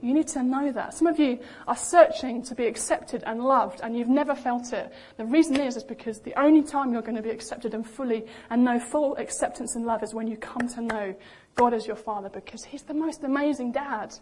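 A young woman preaching a sermon in a lively, animated way, acting out the voices she quotes. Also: a little high, brisk, few pauses. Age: young adult.

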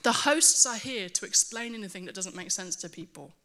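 A woman preaching a sermon to her church, earnest and animated, with self-mocking asides. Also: mid-range voice, fairly quick.

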